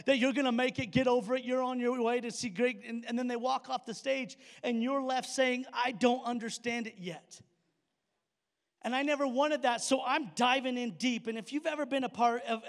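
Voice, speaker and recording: A high-pitched man delivers a sermon as a pastor, talking to his congregation in a loose, conversational way. He leans on rhetorical questions and quick asides. His voice trails off into the long reverb of a big church hall. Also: fairly bright tone. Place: church auditorium stage.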